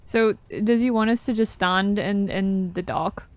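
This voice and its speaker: A woman's voice: mid-range voice, fairly even intonation, a little slow, no echo. Chatty, swearing young woman streamer. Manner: chatty, swearing, laughing asides. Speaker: game streamer. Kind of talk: casual live-stream commentary. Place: at a desk at home.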